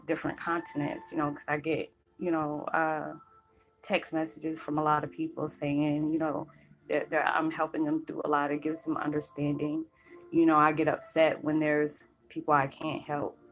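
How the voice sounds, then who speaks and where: A low-pitched woman, heard through a rough recording with faint background music, talks earnestly to camera about her spiritual path. Choked up and nearly crying, she rambles and uses lots of fillers.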